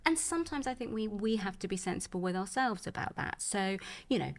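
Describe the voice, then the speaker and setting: As a menopause expert guest on a podcast, a woman speaks earnestly and reassuringly, saying "you know" often. Her medium-pitched voice is animated and a little fast.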